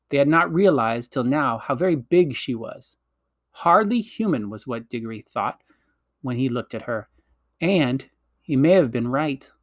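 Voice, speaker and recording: A man narrating a children's fantasy story in a gentle, measured storytelling manner. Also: mid-range voice, dry recording, studio quality. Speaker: audiobook reader.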